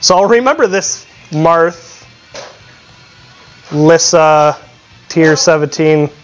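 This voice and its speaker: A man's voice: a little high, slow, soft background music. A male streamer chatting casually and reacting with swearing and laughter. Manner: laughing, profane, reacting loudly. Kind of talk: casual live-stream chat.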